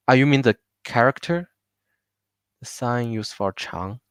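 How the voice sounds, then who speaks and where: A man's voice: medium pitch, a little slow, long pauses, fairly bright tone, smooth, dry recording. A man with a Chinese accent teaching Mandarin pronunciation in a live online class, patiently repeating words for learners. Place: home.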